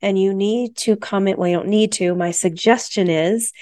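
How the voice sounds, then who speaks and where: A woman co-hosting a health radio show talks candidly and with emphasis, repeating phrases to stress her points. Her voice is medium-pitched, steady and a little mellow, at a moderate pace with hardly any pauses.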